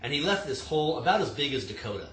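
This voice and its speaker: Brief: easygoing, joking tasting-room manager chatting on a stream from a roomy, slightly noisy space. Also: male voice, on the high side, big pitch swings, fast talker, a bit bright. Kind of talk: casual livestream chat. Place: home room. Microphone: video stream mic.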